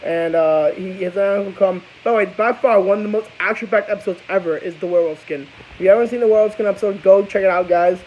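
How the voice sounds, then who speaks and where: A man's voice: high-pitched, fast talker, hardly any pauses. A tired young man casually reviewing a book and its episode, rambling and swearing, with many restarts. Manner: rambling, profane, restarts a lot. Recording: dull hissy home recording.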